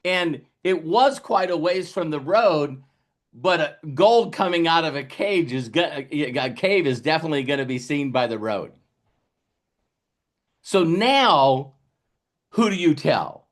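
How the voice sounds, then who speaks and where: A man's voice: on the high side, unhurried. A man giving a motivational business talk, telling a story with lots of repeated words and restarts, acting out what people say. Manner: animated storytelling, acting out quotes. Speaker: business coach.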